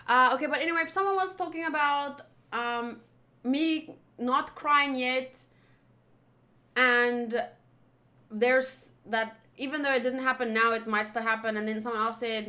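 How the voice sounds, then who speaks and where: A woman's voice: sits high, moderate pace, pushed and bright. A woman streamer talking casually and rambling, swearing freely as she chats to viewers. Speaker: anime reaction streamer. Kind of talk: casual livestream chat.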